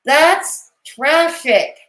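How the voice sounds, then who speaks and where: A woman's voice: high voice, lively intonation, drawn-out words, fairly bright tone, reverberant, poor audio. A woman commentating on a live stream, with sarcastic, mocking and cutting remarks.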